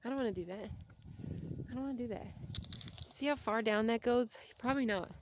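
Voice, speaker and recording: A woman's voice: on the high side, fairly quick, slight background noise. A young woman vlogging casually while out walking, chatty and rambling, and out of breath. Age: young adult. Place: outdoors on a walk.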